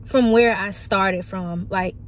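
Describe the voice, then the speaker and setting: A woman's voice: medium pitch, fairly even intonation, slow pace, a little hiss or hum. Frank, emotional woman in her twenties. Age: 20s. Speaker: vlogger. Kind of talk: candid personal vlog. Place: parked car.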